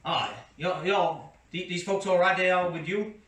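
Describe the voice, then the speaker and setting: A man's voice: high-pitched, fairly even intonation, a little slow, fairly bright tone, voice pushed up. A man voicing a burly, wary male gate guard who talks in a bossy backwoods drawl. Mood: gruff. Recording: roomy far-off mic with background noise.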